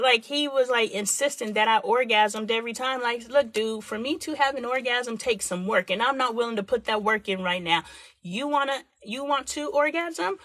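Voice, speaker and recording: A woman's voice: fairly high pitch, moderate pace, a bit bright, no echo. A woman in her forties hosting a live stream, talking frankly and animatedly, acting out quoted voices. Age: 40s. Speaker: livestream host. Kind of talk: candid live-stream talk.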